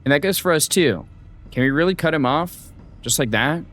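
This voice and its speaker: Excitable swearing male game streamer. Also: fairly high pitch, moderate pace, faint music behind. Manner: excitable, swears freely, hype outbursts. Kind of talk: reading a game story aloud with live reactions. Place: home streaming setup.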